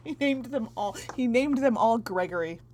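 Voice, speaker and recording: A woman's voice: fairly high pitch, expressive, moderate pace, a little mellow, a little hiss or hum. A woman co-hosting a podcast in casual, comic chat, teasing and giggling often. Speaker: podcast co-host.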